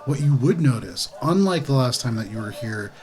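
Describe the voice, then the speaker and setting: A man's voice: medium pitch, lively intonation, moderate pace, darkish tone. A man running a tabletop game as game master, describing scenes in a loose, casual way full of fillers.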